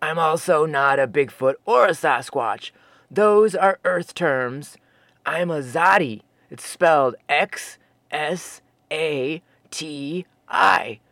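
A narrator voicing a huge, mellow male Sasquatch who is a stoner, speaking in a sheepish, relaxed drawl. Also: medium pitch, slow pace, no echo, pitched below the performer's own voice.

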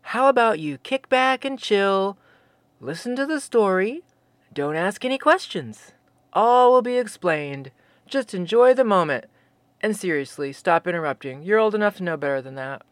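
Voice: mid-range voice, expressive, moderate pace, no room sound. Wry storyteller, dry close sound. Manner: wry, teasing asides to the listener. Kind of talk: casual story narration with asides.

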